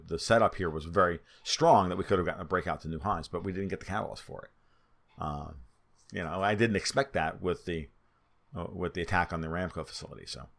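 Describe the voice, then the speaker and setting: A market commentator with a deep, creaky, fairly bright voice, a nasal tone and a New York accent goes over market charts by himself. He's twitchy and off-the-cuff, spitballing ideas and restarting often.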